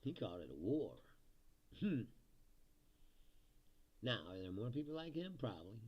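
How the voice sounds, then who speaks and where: A livestream host with a mid-range, breathy-edged voice rants casually about politics, very animated at a moderate pace, laughing often and mocking people in put-on voices. The sound is lo-fi.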